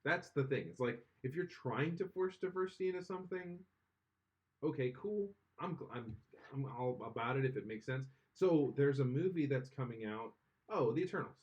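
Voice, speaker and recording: A man's voice: medium pitch, expressive, moderate pace, muffled recording. Opinionated man rambling on a podcast. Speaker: podcast co-host. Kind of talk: casual podcast chat.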